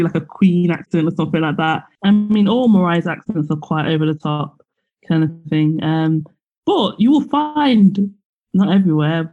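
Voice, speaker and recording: A woman chatting casually on a podcast, laughing often and filling pauses. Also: low-pitched, mellow, dull audio. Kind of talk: casual chat.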